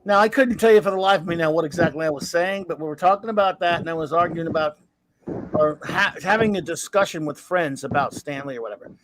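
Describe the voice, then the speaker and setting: A man's voice: fairly high pitch, fast talker, a crowd in the background, poor audio. A man in his fifties hosting a casual podcast chat, telling rambling anecdotes in a blunt, crude, joking way. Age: 50s. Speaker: podcast host.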